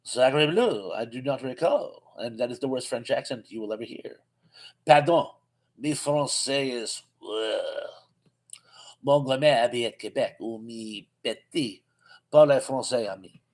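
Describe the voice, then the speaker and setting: A man voicing a bumbling mock-French character in a deliberately bad, halting French accent. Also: medium pitch, level tone, husky, close to an everyday voice. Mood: hammy.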